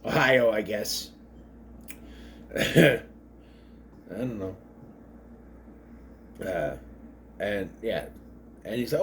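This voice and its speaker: A man's voice: on the low side, expressive, takes it slowly, pauses often. A man giving a casual, rambling recap of a movie, wandering off on tangents and briefly mimicking the characters. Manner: mimics characters' voices mid-story. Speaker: movie reviewer.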